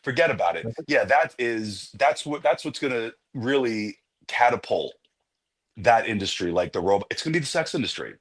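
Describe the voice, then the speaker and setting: A man with a husky, slightly rough voice, co-hosting a casual podcast. His pitch swings widely as he jokes, swears and cuts in over his partner. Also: moderate pace. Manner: animated, swearing, jokey, talks over his co-host. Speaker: podcast co-host.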